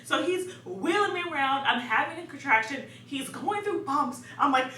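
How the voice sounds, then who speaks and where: A young woman telling a story in a casual, animated way, laughing often and dramatizing events. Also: high-pitched, normal speed, few pauses. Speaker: vlogger. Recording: echoey room, distant mic, faint hum.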